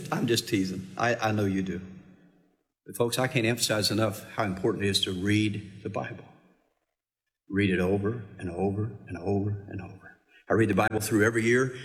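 A man's voice: mid-range voice, fairly bright tone. A middle-aged male pastor preaching a sermon in a folksy, teasing, emphatic way.

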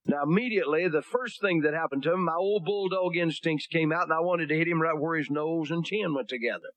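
A male preacher with a high-pitched voice, delivering a blunt, folksy sermon full of homespun jokes. He reads King James scripture aloud between his asides. The sound is close and dry, with almost no room echo. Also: fairly even intonation, quick pace, hardly any pauses, a bit bright. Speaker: pastor.

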